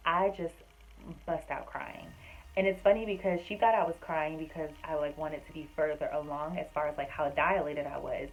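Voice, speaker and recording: A woman's voice: low-pitched, steady tone, normal speed, slight background noise, rough recording. A woman vlogger telling a personal story in a casual, earnest, chatty way, with many fillers. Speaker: vlogger and homemaker.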